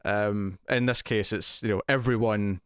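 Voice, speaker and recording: A man co-hosting a casual TV review podcast, jokey and quick to laugh. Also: lowish voice, steady tone, clear, resonant tone, no echo, studio quality. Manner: laughs often, jokey, self-mocking. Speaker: podcast co-host.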